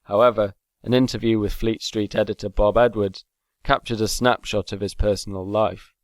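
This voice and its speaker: Measured male documentary narrator. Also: lowish voice, fairly even intonation, dry recording. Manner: measured, formal delivery. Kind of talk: scripted narration.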